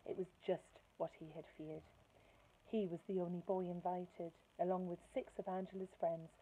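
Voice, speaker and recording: A woman, a primary school teacher, reading a children's storybook aloud in an expressive way, heard through a tinny phone-like line. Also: fairly low pitch, normal speed, husky.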